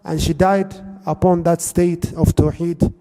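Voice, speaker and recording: A man's voice: a little high, fairly even intonation, measured pace, dark tone, big-room sound, faint music behind. A man preaching a sermon, telling stories earnestly and mixing in Arabic phrases. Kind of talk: sermon storytelling.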